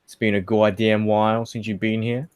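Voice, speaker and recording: A man's voice: on the low side, little pitch movement, moderate pace, a little mellow, smooth, no room sound. An Australian man in his thirties co-hosting a late-night livestream chat, joking and swearing freely. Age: 30s. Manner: joking, swears freely, slips into put-on accents. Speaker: co-host.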